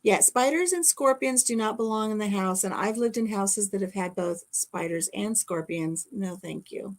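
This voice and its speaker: Animated middle-aged woman telling stories. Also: mid-range voice, moderate pace. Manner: animated storyteller, acts out shrieks and whispers, laughs often. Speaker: channel host. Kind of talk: casual storytelling chat.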